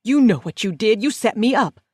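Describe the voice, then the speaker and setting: A woman's voice: on the low side, expressive, measured pace, no echo, clean studio sound. A woman voicing a young woman jailed for life, angry and raised as she pleads and accuses.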